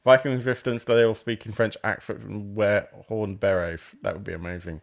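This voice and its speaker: A man's voice: lowish voice, steady tone, fairly quick, creaky, hardly any pauses. A man hosting a casual stream about tabletop games, rambling and self-deprecating, with plenty of ums and apologies as he reads. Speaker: host reviewing crowdfunding games. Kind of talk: casual live-stream commentary.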